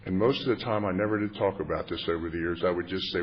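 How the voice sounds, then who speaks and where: A man's voice: low voice, fast, few pauses. A man in his fifties giving a humorous, confessional recovery talk, wry and self-mocking. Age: 50s. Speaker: recovery meeting speaker. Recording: muffled lo-fi tape with faint hiss.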